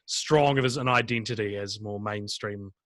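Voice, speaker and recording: A New Zealand man hosts a casual film podcast over a video call. His voice is bright and forward, his sound dry and close, and he rambles, restarts and laughs as he talks. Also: lowish voice, moderate pace, dry recording. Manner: rambling, self-interrupting, laughs often. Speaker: podcast host.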